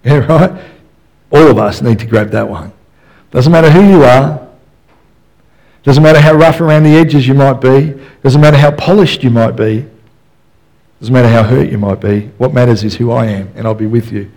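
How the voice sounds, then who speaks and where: A man's voice: medium pitch, moderate pace, gravelly, pauses often, a little mellow, rough recording. A man preaching a sermon in a casual, joking storyteller's way, full of "you know" asides. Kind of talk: conversational sermon.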